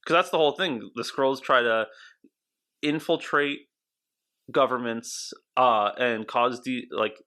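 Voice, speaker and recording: Bright-voiced man theorizing eagerly. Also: medium pitch, takes it slowly. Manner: animated, rambling theorizing with restarts. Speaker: podcast co-host. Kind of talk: casual podcast chat.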